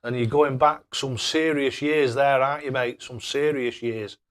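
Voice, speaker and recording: A man's voice: medium pitch, steady tone, measured pace. A man hosting a casual live stream, chatting away and thanking viewers by name with matey banter. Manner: matey banter, calls people mate.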